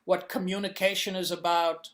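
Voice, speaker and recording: A man guest in an interview on a video call, answering in a halting way with many restarts as he searches for words. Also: sits high, flat delivery, fairly bright tone. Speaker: comics inker, guest.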